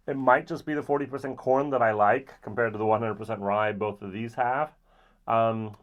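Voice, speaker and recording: Guy rambling thru a whisky tasting, lots of ums, kinda muffled lo-fi audio. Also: mid-range voice. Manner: relaxed, rambling with frequent ums. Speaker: whisky reviewer. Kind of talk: casual tasting review.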